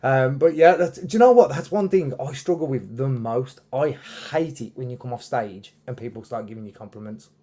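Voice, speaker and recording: Male host, mellow tone, rambling casual chat. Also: medium pitch, moderate pace, few pauses. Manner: rambling, many fillers and restarts. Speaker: podcast host and musician.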